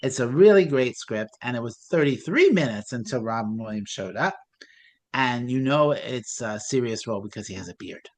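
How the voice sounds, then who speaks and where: Animated, incredulous movie club chatter. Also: medium pitch, moderate pace. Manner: animated, incredulous, rhetorical questions. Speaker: film club panelist. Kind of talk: casual movie discussion.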